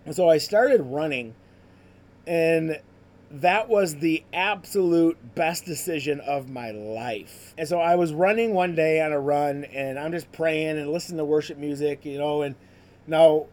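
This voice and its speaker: Male podcast host, slightly higher voice, casual testimony storytelling. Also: measured pace, darkish tone. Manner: conversational, full of "like" and "you know" fillers. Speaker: podcast host sharing his ministry story.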